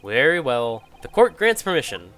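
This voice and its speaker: A man's voice: mid-range voice, very animated, normal speed, a bit bright, faint music behind. A man voicing a formal older judge presiding over a court, with stately courtroom phrasing.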